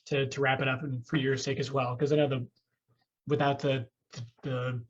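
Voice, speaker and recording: A man hosts a casual podcast conversation, rambling with jokes and cursing. His voice is a little husky, and the recording sounds dull and lo-fi. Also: mid-range voice, flat delivery, normal speed. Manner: profane, joking, rambling with restarts. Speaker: podcast host.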